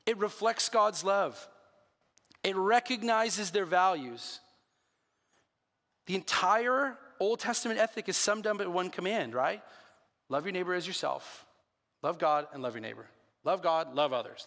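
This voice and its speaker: Earnest pastor preaching in a reverberant church. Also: male voice, high voice, a bit bright. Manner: earnest, conversational, self-deprecating asides. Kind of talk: sermon. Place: church sanctuary. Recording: long hall reverb.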